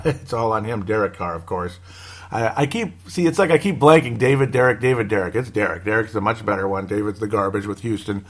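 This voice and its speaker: A man hosting a casual sports podcast, rambling and joking, with wry asides and chuckles. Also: lowish voice. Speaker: podcast host.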